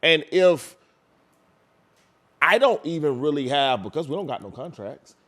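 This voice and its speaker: A man, a record label executive, talking in a casual interview, animated and restarting his phrases often. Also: fairly high pitch, unhurried.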